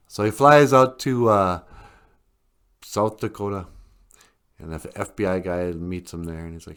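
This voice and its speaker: A man's voice: fairly low pitch, normal speed, pauses often, smooth. A man hosting a podcast, casually retelling a story in a rambling, chuckling way. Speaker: podcast host.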